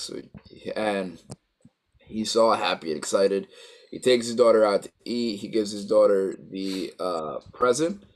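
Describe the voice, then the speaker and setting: A man chats casually, retelling a story in a rambling way with plenty of fillers and acted-out quotes. His voice sits on the low side. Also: vocal fry. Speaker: co-host recapping a show. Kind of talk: casual chat.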